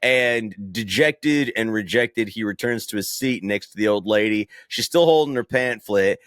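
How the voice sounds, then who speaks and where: A man's voice: fairly low pitch, moderate pace, no room sound, studio quality. A man co-hosting a podcast, retelling film scenes in casual chat and laughing often. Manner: animated storyteller, laughs often. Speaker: podcast co-host.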